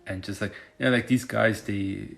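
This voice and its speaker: Low-voiced man rambling casually. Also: steady tone, moderate pace, vocal fry, a bit bright, soft background music. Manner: loose, profane, filler-heavy storytelling. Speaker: finance content creator.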